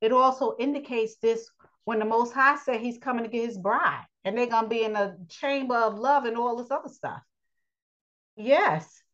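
A woman giving a blunt, preachy spoken lesson on relationships, pausing often with fillers. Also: a little high, dull audio. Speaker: teacher of a daily lesson.

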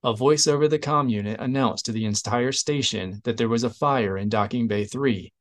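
Male audiobook narrator, steady, even, mid-pitched. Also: moderate pace. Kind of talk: scripted narration.

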